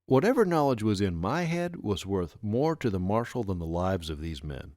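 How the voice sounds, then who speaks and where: A man narrating a first-person adventure audiobook with expressive storytelling. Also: fairly low pitch, normal speed, no room sound, clean studio sound.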